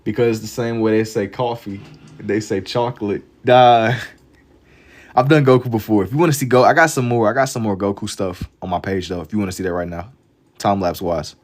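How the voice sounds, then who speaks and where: A laid-back young man talks loosely with his live-stream chat as he draws, dropping slang between thoughts. His voice sits a little low. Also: normal speed, pauses often, a little mellow. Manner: laid-back slang-heavy banter, reads chat aloud. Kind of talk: casual live-stream chat while drawing.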